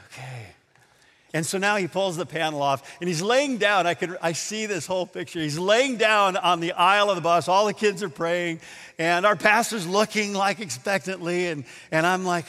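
A man preaching a sermon, telling a story and acting out the quotes with lively energy. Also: sits high, moderate pace, big-room sound. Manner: animated storyteller, acts out quotes. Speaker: pastor.

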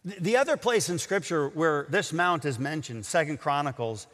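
A man's voice: on the high side, expressive, normal speed, fairly bright tone, big-room sound. A man preaching a sermon with impassioned, dramatic delivery and stammered restarts.

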